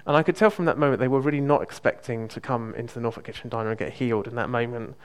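A man preaching in an easy, conversational tone. His voice sits at an ordinary middle pitch, and he often pauses with "um" and backs up mid-phrase as he tells his story. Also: clear, resonant tone. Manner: relaxed, hesitant, frequent ums and restarts. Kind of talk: conversational sermon with personal testimony.

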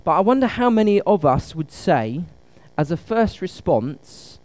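Higher-voiced male preacher, dry sound. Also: sing-song, a little slow, darkish tone, dry recording. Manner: conversational, asks the congregation questions. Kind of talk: sermon. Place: church service.

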